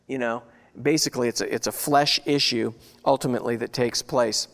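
A man's voice: mid-range voice, steady tone, brisk, a bit bright, in a large hall. A man preaching a conversational sermon, asking his listeners rhetorical questions. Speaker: pastor.

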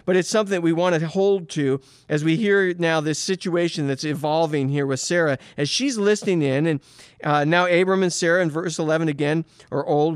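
Middle-aged male pastor, conversational sermon, somewhat high voice, dry close sound. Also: smooth, no room sound. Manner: earnest, asks rhetorical questions, frequent "you know".

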